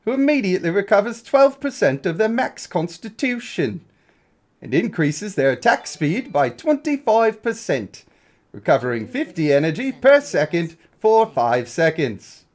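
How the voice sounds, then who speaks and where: A man's voice: high voice, big pitch swings, voice pushed up. A man reading game text aloud in an exaggerated, theatrical mock British accent. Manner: over-the-top, slow, theatrical reading.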